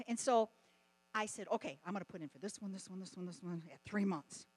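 A middle-aged woman giving a testimony sermon at a conference, telling stories in an animated way and often laughing. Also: medium pitch, fairly quick, low-quality recording. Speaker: conference speaker.

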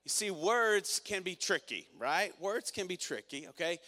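A male pastor preaches with energy, urging the congregation to answer back. His voice is bright and forceful. It rings through a large church hall with a long reverb. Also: high voice, a little slow, few pauses. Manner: energetic, calls for congregation responses. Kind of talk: sermon.

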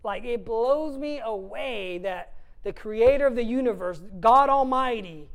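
A woman's voice: fairly high pitch, animated, unhurried, low-quality recording. Woman preaching a casual, emphatic sermon. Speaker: guest preacher. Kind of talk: conversational sermon.

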